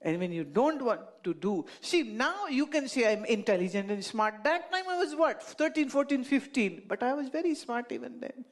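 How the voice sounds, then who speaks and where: A woman's voice: on the high side, lively intonation, moderate pace, hardly any pauses. A woman with an Indian accent telling amused anecdotes to an audience, laughing at her own stories. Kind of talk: anecdotal storytelling talk.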